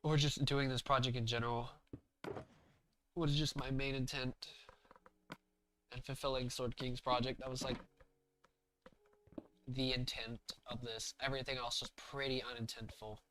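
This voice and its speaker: A man's voice: medium pitch, flat delivery, normal speed, long pauses, background noise. A man live-streaming a game, chatting casually with viewers in a rambling, thinking-aloud way full of fillers. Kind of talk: casual live-stream chat while gaming. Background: background music.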